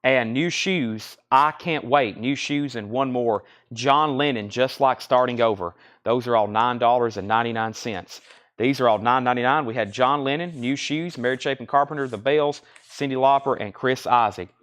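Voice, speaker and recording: A man's voice: medium pitch, fairly bright tone. A man hosting a live record sale, rattling off titles and prices with chatty asides. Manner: rapid-fire listing of items and prices, chatty asides. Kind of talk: live-stream auction calling.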